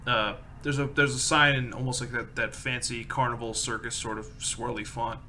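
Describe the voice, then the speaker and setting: A man's voice: mid-range voice, little pitch movement, normal speed, pushed and bright, slight background noise. A man running a tabletop game as game master, narrating in a loose, casual, descriptive way.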